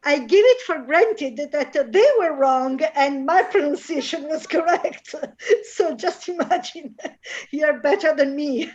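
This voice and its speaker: A woman teacher, talking with adult students on a video call and often pausing with fillers. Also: sits high, darkish tone. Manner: hesitant, many fillers. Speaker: English teacher. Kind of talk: online class conversation. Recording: muffled lo-fi call audio.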